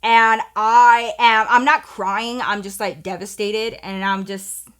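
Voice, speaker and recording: A young woman talks straight to her viewers in a bright, forceful voice that sits a little high. She is candid and chatty, swears freely and calls her audience "y'all". She tells a personal story casually, like gossip with a friend. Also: flat delivery, slow pace. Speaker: storytime vlogger.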